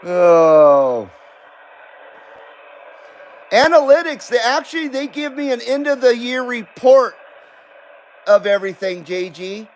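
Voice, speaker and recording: High-voiced, slow-talking American man. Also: big pitch swings, a little hiss or hum, low-quality recording. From West Coast of the United States. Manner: rambling, self-deprecating, laughs often, reads viewer comments aloud. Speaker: live stream host. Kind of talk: casual live-stream chat.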